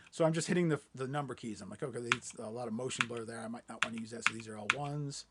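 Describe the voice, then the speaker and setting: A man walking viewers through a software demo in a webinar, relaxed and thinking aloud with lots of fillers. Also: medium pitch, noisy background. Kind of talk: screen-share webinar demo.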